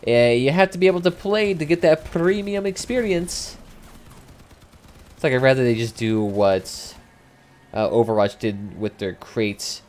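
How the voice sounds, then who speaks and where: A young man commentating casually as he livestreams a game, chatting with viewers and swearing freely. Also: on the low side. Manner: chatty, swears freely, reads chat aloud. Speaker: gaming livestreamer. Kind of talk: casual live commentary while playing.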